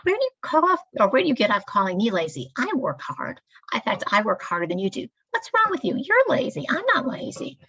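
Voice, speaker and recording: A woman acting out an indignant care worker who snaps back defensively in a high, shrill voice. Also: huge pitch swings, brisk, pushed and bright, slightly rough, lo-fi sound, heavily acted.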